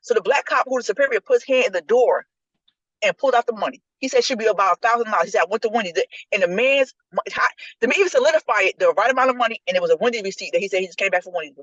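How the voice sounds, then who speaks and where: Fast-talking woman podcast host, lo-fi. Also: a little high, dry recording. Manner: animated storyteller acting out quotes. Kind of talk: casual group chat, retelling a story. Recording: dull lo-fi dry recording.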